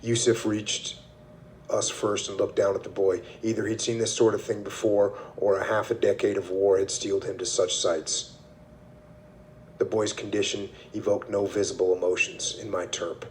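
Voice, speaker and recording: A podcast host reads book passages aloud in a very deep male voice. His delivery stays steady and measured, with little rise and fall in pitch, and a faint hiss sits under the recording. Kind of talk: reading a book excerpt aloud and discussing it.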